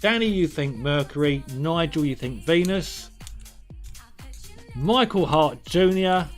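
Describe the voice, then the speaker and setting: A man's voice: fairly high pitch, animated, slow, faint music behind. A man hosting a live-streamed quiz in a chatty, jokey way, reading out viewers' answers by name. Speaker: quiz host.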